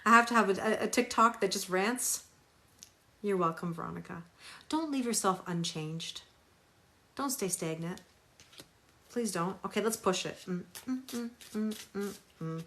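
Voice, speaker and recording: A woman's voice: medium pitch, moderate pace, pauses often, pushed and bright, slight background noise. Woman, tarot reader, live-stream chat, emphatic, repeats for stress. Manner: emphatic, repeats phrases, greets viewers by name.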